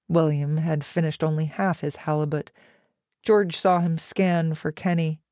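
A woman narrating an audiobook with an even, measured reading. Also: low-pitched, dry recording.

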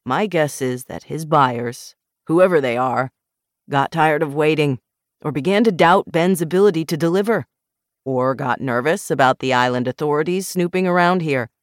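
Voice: mid-range voice, moderate pace, no echo, clean studio sound, natural voice. A narrator voicing a young man who speaks firmly and emphatically in an audiobook. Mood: explaining. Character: young man, defensive and firm. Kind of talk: audiobook character voice.

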